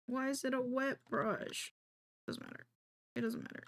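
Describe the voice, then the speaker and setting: Gravelly woman streamer thinking aloud. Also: sits high, steady tone, normal speed. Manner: thinks aloud to chat while working, jittery and self-deprecating. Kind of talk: casual live-stream chat.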